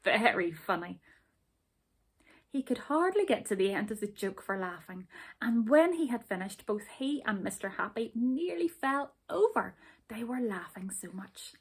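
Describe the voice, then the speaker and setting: A woman reading a children's story aloud, gentle and expressive. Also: a little high, moderate pace, husky.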